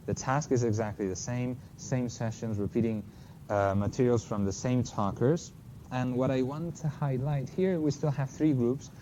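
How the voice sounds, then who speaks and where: A man's voice: medium pitch, fairly even intonation, normal speed, mellow. Guy giving a phonetics talk, keeps fixing his own wording, kinda muffled lo-fi recording. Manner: explanatory, self-correcting, apologetic asides. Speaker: linguistics lecturer. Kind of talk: academic talk with slides. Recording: slightly dull lo-fi lecture recording with faint noise.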